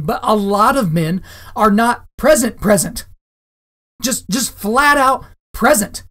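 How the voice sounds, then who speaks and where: A man hosting a solo podcast monologue, talking to his listeners in an emphatic way and repeating phrases for stress. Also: sits high. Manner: direct, addresses listeners as guys. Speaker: podcast host.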